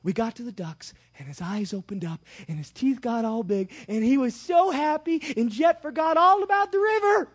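A man in his thirties preaching a sermon with a personal story, animated and swinging from hushed asides to shouting. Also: extremely high pitch, normal speed, hardly any pauses.

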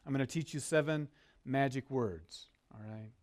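A man's voice: mid-range voice, normal speed, a little mellow. A man preaching a sermon as a pastor, earnest and leading his listeners to repeat words with him. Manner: earnest, leads congregation call-and-response.

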